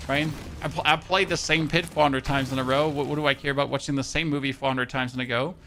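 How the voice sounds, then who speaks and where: A man's voice: medium pitch, fairly even intonation, a little fast, creaky, long pauses, noisy background. A man with a German accent chatting casually to his live-stream audience while he plays, rambling, swearing and laughing at himself. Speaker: game streamer.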